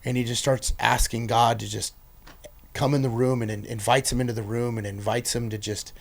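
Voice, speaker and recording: This podcast guest, with a mid-range voice and moderate pace, tells his personal testimony. He's earnest and intense, moving between loud bursts and quiet, hushed passages.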